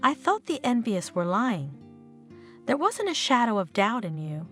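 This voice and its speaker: A furious betrayed wife, as a storyteller puts her on, hurling indignant outbursts in a high, swooping voice. Her pitch leaps all over as she rails. Soft guitar plays behind. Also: very animated, a little slow, full character voice. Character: furious betrayed wife, young adult woman.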